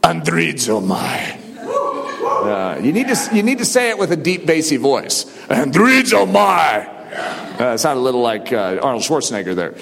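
Man preaching, shouting bursts, echoing hall. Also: medium pitch, animated, fast talker, few pauses, a crowd in the background. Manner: swings from quiet to shouted exhortation. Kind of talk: sermon.

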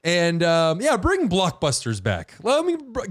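A man's voice: sits high, wildly swooping pitch, unhurried. Wry young-sounding man cohosting. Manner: dry, wry quips. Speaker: podcast co-host. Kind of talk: casual comedic podcast banter.

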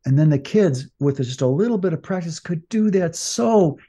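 A man's voice: a little high, animated, normal speed, mellow, husky. A man co-hosting a podcast, talking casually with many fillers and restarts. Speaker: podcast co-host.

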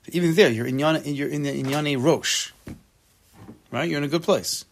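A man teaching a relaxed Torah class, translating the text phrase by phrase, with joking asides and repeated words as he thinks aloud. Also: a little high, normal speed, creaky, a little hiss or hum. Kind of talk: casual spoken Torah class.

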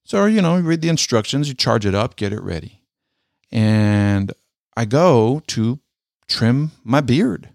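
A middle-aged man, a military veteran, telling a personal story in an earnest, halting way and often repeating his words. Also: mid-range voice, very animated, gravelly, darkish tone, dry recording, studio quality.

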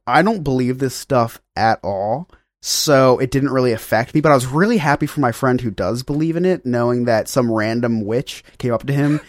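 A man in his thirties co-hosts a podcast, spinning a casual story full of fillers and self-mocking asides. His voice sits at a middling pitch and sounds close and dry. He rambles along like he's chatting with friends. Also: no echo. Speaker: podcast co-host.

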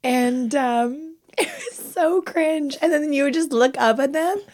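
A woman's voice: sits high, measured pace, darkish tone. A young adult woman co-hosting a podcast in casual chat, laughing through her stories and swearing freely. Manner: swears freely, uses cringe as a verdict. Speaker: podcast co-host.

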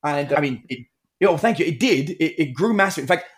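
A man's voice: a little high, brisk. A middle-aged man, a guest entrepreneur, telling stories in a casual interview and acting out the people he quotes. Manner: animated storyteller, acts out quotes.

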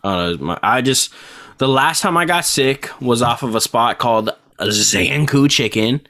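A man's voice: medium pitch, lively intonation, unhurried, pushed and bright. A young man co-hosting a casual podcast chat, laid-back and swearing a lot, often trailing off mid-sentence. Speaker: co-host.

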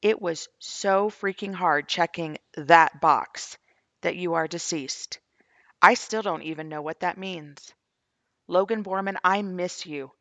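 A woman's voice: fairly low pitch, slow pace, fairly bright tone, no echo. A middle-aged woman, a grieving mother, reads her own journal posts aloud in an earnest, questioning way as she shares her faith testimony.

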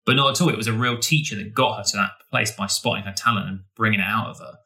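A male podcast co-host who talks quickly and enthusiastically, circling back and restarting his sentences. His voice is bright and a little low. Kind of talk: casual podcast chat.

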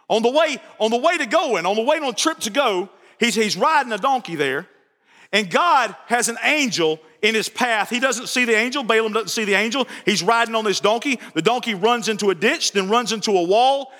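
High, bright-voiced preaching man in a hall. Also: lively intonation, a little fast. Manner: folksy preaching with repetitions and asides. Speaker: pastor. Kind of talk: sermon. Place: church. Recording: church hall reverb.

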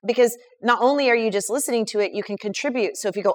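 A woman's voice: on the high side, very fast. A woman, talking casually in an online audio chat and eagerly recommending people and resources. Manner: enthusiastic, emphatic, recommends people one by one. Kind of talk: casual chat giving advice.

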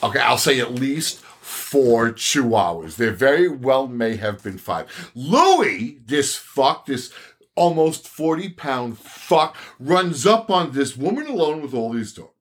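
An older man on a podcast, telling stories in a casual, animated way, swearing and laughing often. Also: medium pitch, slow pace, breathy edge. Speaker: podcast host. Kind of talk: casual chat.

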